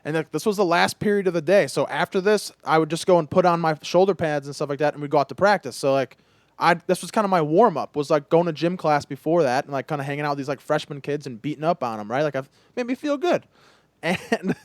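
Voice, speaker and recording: A young adult man hosting a podcast, telling stories in a casual, animated way with lots of "like". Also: on the high side, quick pace, no echo, studio quality. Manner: animated storyteller, heavy use of "like". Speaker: podcast host. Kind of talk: casual chat.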